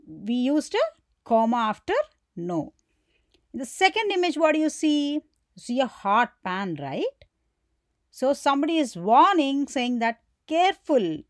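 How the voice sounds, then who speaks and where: A woman gives a grammar lesson in a high, animated voice, speaking slowly and posing questions that she then answers herself. She acts out the example exclamations as she goes. Her voice is recorded close and dry. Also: dry recording. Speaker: teacher.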